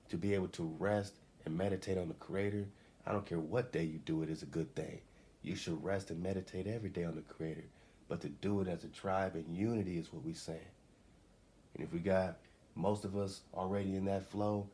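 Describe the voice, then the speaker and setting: Deep-voiced man, loose spiritual talk. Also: steady tone, normal speed, mellow. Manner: loose, street slang, repeats phrases. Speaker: radio show host. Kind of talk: casual spiritual teaching talk. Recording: faint background noise.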